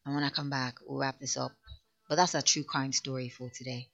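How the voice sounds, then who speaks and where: Low-voiced woman radio host. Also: flat delivery, fairly quick, gravelly, fairly bright tone. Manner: frank and teasing, laughs at listeners' views. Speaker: late-night radio host. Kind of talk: casual radio talk between songs. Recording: muffled lo-fi radio broadcast.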